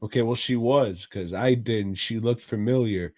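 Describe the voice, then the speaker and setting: A man's voice: fairly low pitch, moderate pace, warm tone. A man co-hosting a podcast, making sarcastic, profane asides and laughing often in casual chat. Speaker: podcast co-host.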